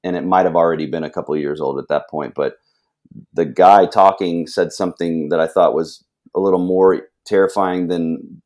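Deep-voiced hesitant man. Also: fairly even intonation, normal speed, darkish tone. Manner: hesitant, trailing off. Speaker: podcast co-host. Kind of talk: casual film discussion.

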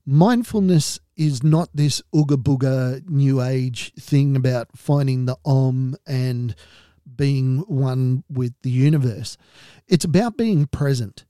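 A man's voice: medium pitch, dark tone, dry recording, clean studio sound. An Australian man hosting a podcast, talking candidly and earnestly about his own experience, with a wry edge. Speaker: podcast host. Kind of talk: personal podcast monologue.

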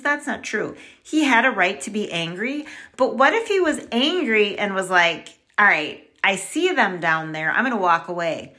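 A woman podcast host retelling a story in a casual, chatty way and talking straight to her listeners. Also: medium pitch. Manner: chatty, animated, addresses listeners directly.

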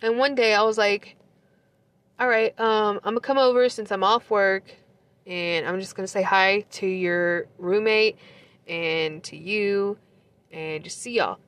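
Close to tears, a young woman recounts a breakup in a casual, profane way, cursing often and laughing as she fights back crying. She speaks a little slowly, at medium pitch, with a clean tone and fairly even intonation.

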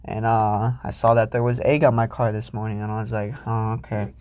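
A young man hosting a solo podcast, ranting crudely and rambling with lots of swearing, swinging between loud outbursts and low mutters. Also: level tone, a little fast, clear, resonant tone, muffled recording. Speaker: podcast host.

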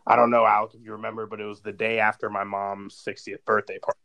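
A man's voice: fairly low pitch, flat delivery, quick pace, gravelly, pushed and bright, poor audio. A man in his thirties talking casually on a podcast, telling a personal story in a rambling way with lots of "like". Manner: rambling storytelling, heavy use of "like". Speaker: podcast co-host.

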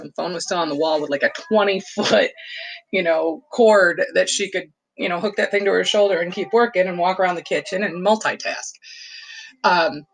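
A woman with a somewhat low voice tells a fond family memory in a loose, rambling way. She laughs often and fills her pauses with ums and uhs. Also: a bit bright, poor audio. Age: adult. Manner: rambling, frequent laughter and fillers; fond, nostalgic recollection. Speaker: storyteller. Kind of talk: casual personal storytelling.

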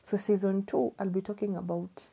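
Woman podcast host, hushed half-whisper, gravelly, dark tone, chatty. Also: mid-range voice, little pitch movement, brisk, low-quality recording. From Kenya. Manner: chatty, laughs often, repeats words. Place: home at night, people asleep.

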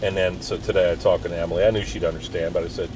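Deep-voiced rambling man over road noise. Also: little pitch movement, racing. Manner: rambling, profane, with sudden loud outbursts. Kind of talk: casual rambling monologue. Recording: loud road noise behind.

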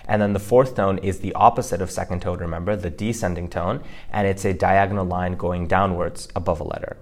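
A man's voice: sits low, steady tone, brisk, darkish tone. A man co-hosting a language-learning podcast, explaining Mandarin pronunciation casually with frequent fillers. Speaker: podcast co-host teaching Mandarin.

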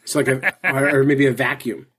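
A man's voice: medium pitch, fairly even intonation, moderate pace, fairly bright tone, husky. A man from New Jersey co-hosting a podcast, chatting casually and joking often. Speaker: podcast co-host. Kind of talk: casual chat.

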